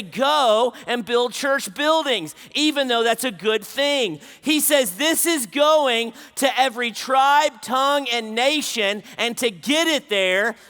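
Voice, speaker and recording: A middle-aged man with a very high, bright, forceful voice preaches a sermon at a conference. He speaks emphatically, hammering home key phrases by repeating them, with long hall reverb on the recording.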